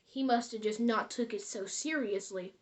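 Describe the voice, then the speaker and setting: A woman's voice: fairly high pitch, normal speed. A woman casually telling a scary story in a rambling, self-correcting way.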